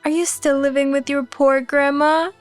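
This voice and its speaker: A woman's voice: high voice, flat delivery, moderate pace, soft background music, close to an everyday voice. A woman voicing a mocking young male rival in a narrated story, speaking with scorn. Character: sneering young man, mocking rival job seeker.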